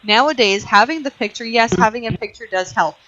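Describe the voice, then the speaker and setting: A woman's voice: fairly high pitch, fairly quick, sharp tone. A woman hosting a call-in psychic show, chatting casually with plenty of fillers and frequent laughs. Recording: muffled lo-fi online radio audio.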